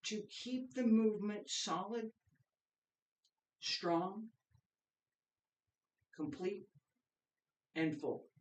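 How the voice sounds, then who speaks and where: Slow, calm man teaching qigong. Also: sits high, distant mic. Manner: slow, calm counting of breaths. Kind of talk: guided practice and explanation. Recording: echoey room, voice from off-mic.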